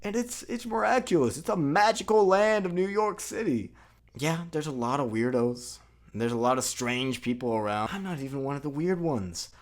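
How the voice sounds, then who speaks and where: A man's voice: medium pitch, moderate pace, natural voice. A man voicing a goofy, overjoyed adult male superhero who cheerfully lectures others about how wonderful the world is. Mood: giddy, exuberant. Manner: exuberant, preachy cheer.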